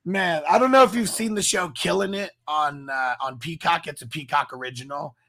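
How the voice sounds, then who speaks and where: A man's voice: on the high side, moderate pace, sharp tone. A man co-hosting a casual morning talk show, laid-back and profane, laughing often. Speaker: co-host. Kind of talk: casual podcast banter.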